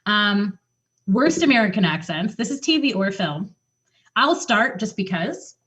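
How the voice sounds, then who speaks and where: A woman co-hosting a casual podcast chat, talking in quick, animated bursts with restarts and the odd swear word. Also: mid-range voice. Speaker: podcast co-host. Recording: muffled lo-fi audio.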